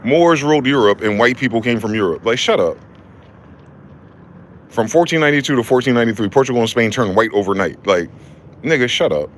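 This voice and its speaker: A man's voice: mid-range voice, expressive, fairly quick, pauses often, a little hiss or hum. A man delivering an angry, profane, confrontational rant that circles back to the same rhetorical questions. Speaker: vlogger. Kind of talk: angry ranting monologue.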